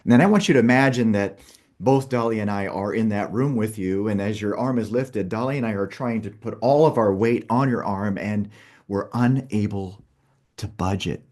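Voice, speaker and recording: With a fairly low pitch and a darkish tone, a man running a workshop talks at a normal speed as he leads a participant through a group exercise. He's instructive, laying out each step and peppering his talk with "okay" checks.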